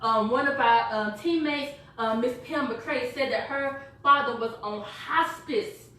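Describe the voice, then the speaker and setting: A woman giving an energetic, chatty sales pitch to a small live group, laughing and quizzing her listeners. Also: measured pace. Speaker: product presenter. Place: echoey room with a small live audience. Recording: echoey room from far off.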